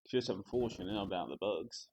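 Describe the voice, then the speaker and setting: A man's voice: lowish voice, a little fast, vocal fry, darkish tone, a little hiss or hum. Mumbling male game streamer. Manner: mumbling, self-deprecating, talking to himself. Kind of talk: casual gameplay commentary.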